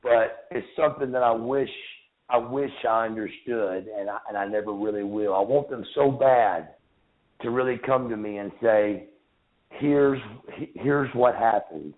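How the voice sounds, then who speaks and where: A man in his thirties, a guest talking about a painful memory, halting and repeating words. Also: fairly low pitch, steady tone. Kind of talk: emotional interview recollection. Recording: phone-line call-in audio.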